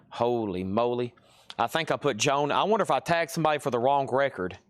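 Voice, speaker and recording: A man hosting a live-stream record sale, reading off titles and prices and thinking aloud as he sorts buyers. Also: mid-range voice. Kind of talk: live-stream auction selling.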